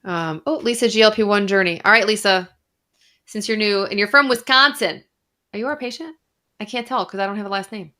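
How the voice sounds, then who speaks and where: Speaking a little fast in a mid-range, pushed, bright voice, an Arizona-based woman doctor runs a relaxed live Q&A. She talks freely, reads out viewer comments and lets a few swear words slip.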